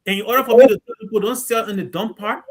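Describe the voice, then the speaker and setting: High-pitched man, frank and earnest, plain discussion tone. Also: quick pace, breathy edge. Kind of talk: casual discussion.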